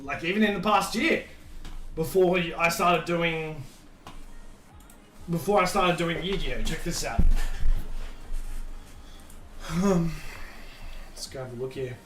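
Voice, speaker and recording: A man's voice: a little high, a little slow, long pauses, fairly bright tone, far from the mic, soft background music. A man hosting a casual livestream podcast, thinking aloud and rambling with many restarts. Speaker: streamer and podcast host. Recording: echoey room, off-mic, faint background noise.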